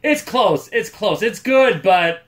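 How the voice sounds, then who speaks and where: A man co-hosting a casual episode review, enthusiastic and quick to laugh, often restarting his sentences. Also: sits high, expressive, fairly bright tone. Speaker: co-host reviewer.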